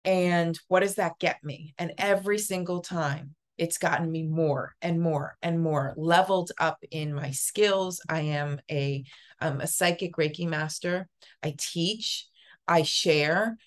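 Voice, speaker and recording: A woman telling a personal story as an interview guest, earnest and halting, often repeating words. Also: low voice. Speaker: podcast guest, psychic Reiki master.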